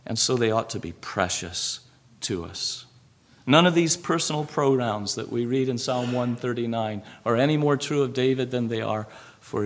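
A man preaching a sermon, earnest and measured, who repeats phrases and drops to a hush on key words. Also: medium pitch. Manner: repeats and lists phrases for emphasis.

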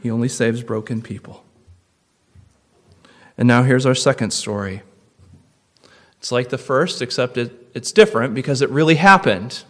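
A pastor preaching a sermon in an emphatic way, repeating key phrases and moving between hushed and loud. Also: male voice, mid-range voice.

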